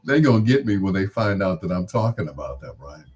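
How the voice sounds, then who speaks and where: Husky, playful late-night radio DJ man. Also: low-pitched, very animated, brisk, a little mellow, highs cut off. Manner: playful, laughing asides, mock-imitates other DJs. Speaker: radio show host.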